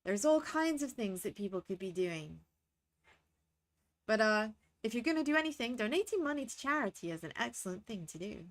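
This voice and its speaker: A woman streams a game and chats casually with her viewers as she plays, talking to chat between reading game lines. Her voice is fairly high with big pitch swings, and she speaks briskly.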